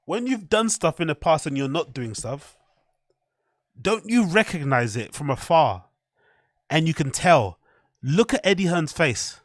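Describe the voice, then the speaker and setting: A man's voice: a little high, very animated, unhurried, pauses often, dry recording, clean studio sound. A man, commenting to his chat on a live stream in a rambling, profane way.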